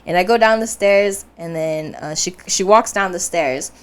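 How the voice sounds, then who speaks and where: A woman's voice: on the low side, normal speed, smooth. A young woman co-hosting a podcast, telling a dream story in casual chat and acting out the voices of the people in it. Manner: animated storyteller, acts out voices, laughs often. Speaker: podcast co-host.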